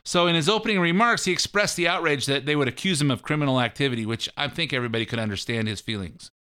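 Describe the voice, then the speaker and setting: Man, talk host, casual political commentary, rambling, crisp bright voice. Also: fairly high pitch, racing. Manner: rambling, folksy, mocking.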